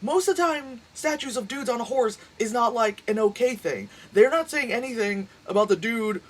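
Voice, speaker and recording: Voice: medium pitch, expressive, normal speed, distant mic. A casual movie reviewer rants through the plot, cursing freely and tripping over restarts. The voice sits in a middle register but jumps all over as the rant goes on. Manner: profane, rambling, lots of fillers and restarts.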